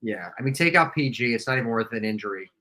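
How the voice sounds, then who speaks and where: A man's voice: medium pitch, animated, fast talker, pushed and bright. A man co-hosting a live game watch party, talking bluntly and swearing freely. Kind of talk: casual live game chat.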